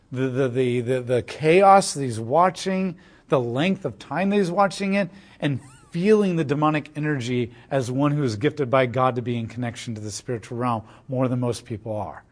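A man preaching an expository sermon, retelling the story with animated, sarcastic asides and rhetorical questions. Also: fairly high pitch. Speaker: pastor.

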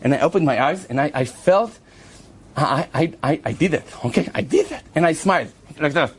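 A man, telling a story to a rabbi with animated voices, laughs and sudden shouts. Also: on the high side, brisk, husky. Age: 20s.

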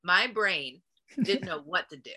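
A woman's voice: lowish voice, a little slow, a crowd in the background. A middle-aged woman in a casual interview, telling stories animatedly, leaning on "like" and acting out what she said back then. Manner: animated, frequent "like", acts out her past self. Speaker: wrestler and guest.

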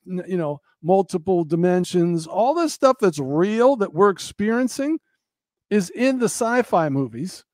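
A man's voice: high voice, mellow, dry recording. A man giving an earnest, preacherly monologue, repeating phrases for emphasis. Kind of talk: impassioned monologue.

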